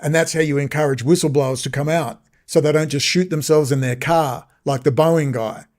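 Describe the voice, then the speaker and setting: A man's voice: fairly high pitch, fairly even intonation, fairly quick, a little mellow. A man hosting a solo political commentary, agitated, sarcastic and mocking. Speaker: host and commentator.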